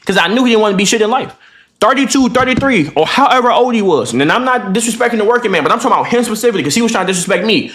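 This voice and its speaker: Animated high-pitched young man telling stories. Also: racing. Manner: animated, profane storytelling, acting out voices. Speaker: vlogger. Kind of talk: casual story time.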